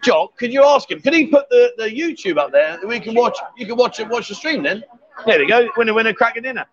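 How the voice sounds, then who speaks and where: Man, high voice, chatty live-stream host, jokey, dull lo-fi sound. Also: lively intonation, fast, fairly bright tone. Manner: chatty, jokey, reads viewer comments aloud. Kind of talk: casual live chat. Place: busy bar.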